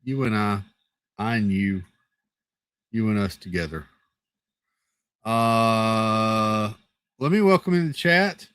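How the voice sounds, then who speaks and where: A man's voice: fairly low pitch, takes it slowly, long pauses, fairly bright tone, clear, resonant tone, no echo. A man hosting a live stream, chatting casually and greeting viewers one by one in a rambling, playful way while nursing a headache. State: has a headache.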